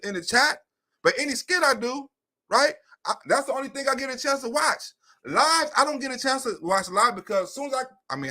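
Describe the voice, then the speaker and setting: A man hosting his own online comedy show, talking off the cuff in a rambling, profane monologue with frequent laughs. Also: very high-pitched. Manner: profane, rambling, animated, laughs between points. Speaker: comedian and YouTube host. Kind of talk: unscripted livestream monologue.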